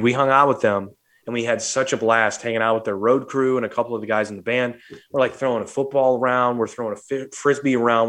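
A man from St. Louis hosts a casual podcast chat at a medium pitch. He tells a rowdy story with lively energy and acts out the other people's lines. He curses freely as he goes. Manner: animated, swears freely, acts out quotes. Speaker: podcast host.

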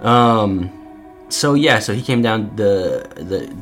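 A man's voice: on the low side, slow pace, soft background music. A man co-hosting a podcast, telling a story with lots of fillers and acting out what people said. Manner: animated storyteller acting out quotes, many fillers. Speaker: podcast co-host. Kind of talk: casual storytelling.

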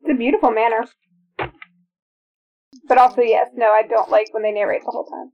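A woman's voice: fairly high pitch, steady tone, fairly quick, creaky, a little hiss or hum. A woman co-hosting a podcast, chatting casually and eagerly sharing trivia while watching a movie. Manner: chatty, enthusiastic about trivia. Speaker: podcast co-host. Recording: phone-like narrow sound.

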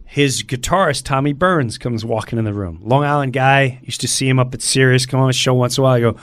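A middle-aged male comedian telling an animated story as a guest, acting out other people's voices in the quotes. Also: mid-range voice, quick pace, few pauses, no echo.

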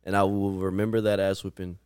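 Deep-ish young dude cussing thru fight stories, dead dry mic. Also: male voice, little pitch movement, fairly quick, darkish tone, clean tone, dry recording. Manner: blunt, profane, tells fight stories. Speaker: podcast co-host. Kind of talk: casual chat.

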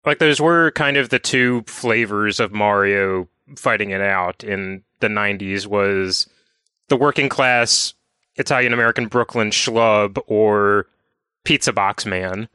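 A man co-hosting a podcast, chatting casually and telling anecdotes in a measured, explaining way. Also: on the low side, pushed and bright, clean tone, dry recording. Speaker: podcast co-host.

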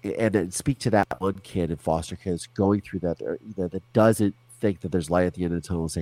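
A man's voice: sits low, steady tone, fast, few pauses, dark tone, no echo. A man as an interview guest, talking candidly and animatedly in a casual conversation over a remote call, with frequent restarts and swearing.

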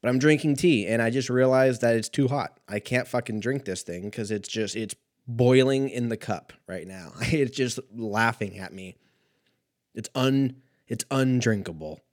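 A young man chatting casually and profanely on his own, rambling, his voice a little rough from a recent cough. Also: medium pitch, moderate pace. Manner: profane, rambling, laid-back. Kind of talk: casual solo chat.

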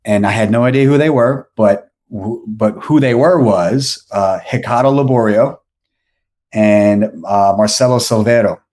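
A man's voice: on the low side, unhurried, a little mellow. A man from New York telling a story as a podcast guest, rambling with lots of fillers and restarts. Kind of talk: casual storytelling.

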